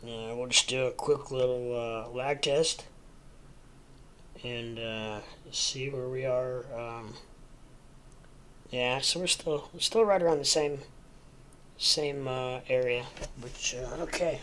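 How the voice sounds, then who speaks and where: A man's voice: medium pitch, slow pace, pauses often, fairly bright tone, a little hiss or hum. A man hosting a casual livestream from home, sleepy and rambling with lots of ums and uhs. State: sleepy, yawning. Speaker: livestream host.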